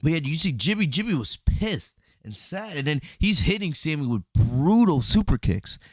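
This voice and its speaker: A man hosting a podcast, recapping a wrestling event in a casual, animated storytelling way, often asking "right?" and acting out lines. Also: fairly high pitch, moderate pace, slightly rough, dry recording, clean studio sound. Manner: animated storytelling, acts out quotes, frequent "right?" and "you know". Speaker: podcast host reviewing wrestling. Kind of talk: casual solo review commentary.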